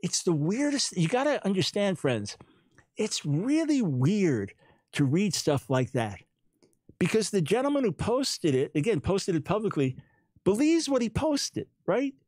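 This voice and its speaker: A man's voice: high-pitched, big pitch swings, measured pace, darkish tone, slightly rough, no room sound. A man hosting a talk show, speaking in an emphatic, incredulous monologue and often repeating words as he makes his points. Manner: speaks with a smile, not taking it personally.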